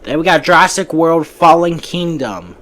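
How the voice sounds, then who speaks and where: A man's voice: a little high, lively intonation, normal speed, a bit bright. Casual chatty man hosting a podcast. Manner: chatty, breezy opinions with frequent restarts. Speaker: podcast host. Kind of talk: casual movie podcast chat.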